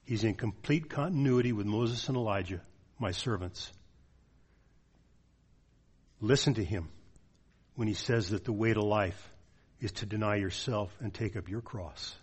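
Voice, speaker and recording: A man's voice: fairly low pitch, unhurried, pauses often, slightly rough. A male pastor preaching a sermon in an earnest way, with frequent "uh" fillers, then closing in prayer.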